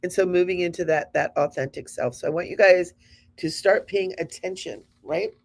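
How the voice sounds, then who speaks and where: A woman's voice: lowish voice, normal speed, vocal fry, a little mellow. A woman in her fifties hosting a spiritual show, talking to her audience in an earnest, encouraging, conversational way. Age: 50s.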